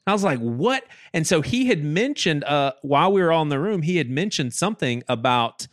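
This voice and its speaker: A man hosting a podcast, telling a personal story in casual chat, animated and quick to act out what people said, often restarting and repeating his words. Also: fairly high pitch, dry recording, clean studio sound.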